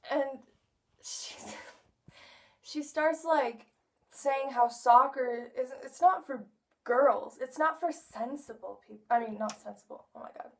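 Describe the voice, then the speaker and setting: Teen girl rambling on in a video msg to her friend, kinda high voice, a bit far off the mic. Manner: chatty, rambling, quick to laugh. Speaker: vlogger addressing a friend. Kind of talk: casual video message.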